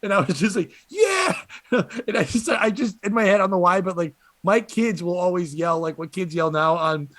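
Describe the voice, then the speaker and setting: Laughing high-voiced male comedian host. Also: fairly quick, hardly any pauses, dry recording. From Connecticut. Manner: animated storytelling with frequent laughter. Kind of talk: casual comedy podcast chat.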